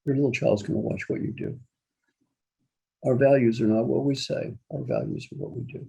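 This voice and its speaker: A man's voice: mid-range voice, steady tone, a little fast, gravelly, warm tone, slightly rough. A man, a leadership coach, running an interactive online workshop over a video call, who talks with energy, repeats his key phrases and quizzes his listeners.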